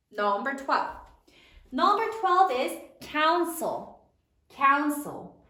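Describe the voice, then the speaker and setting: A woman teacher leading a spelling lesson, slowly sounding out words letter by letter for young pupils. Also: high-pitched, bright, forceful tone. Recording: echoey room, mic at a distance.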